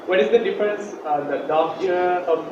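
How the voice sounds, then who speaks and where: A man's voice: sits high, a little fast, dull audio. A man, a student, asking polite questions and repeating words after his teacher in a classroom. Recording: echoey classroom, distant mic, background noise.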